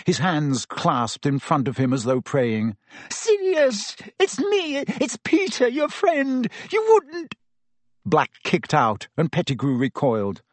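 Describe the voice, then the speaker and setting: A man reading a story aloud as narrator, in an expressive and dramatic style. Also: medium pitch, no echo. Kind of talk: audiobook narration.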